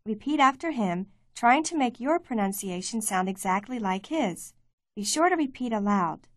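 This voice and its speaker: Give me a woman narrating a language course in a dry, close voice, measured and clear. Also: a little high, animated, dry recording. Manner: clear, measured teaching delivery. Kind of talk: scripted instructional narration.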